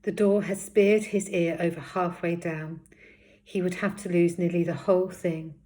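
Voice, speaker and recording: A woman reading a children's novel aloud in a steady, expressive storytelling manner. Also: lowish voice, moderate pace. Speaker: storybook reader.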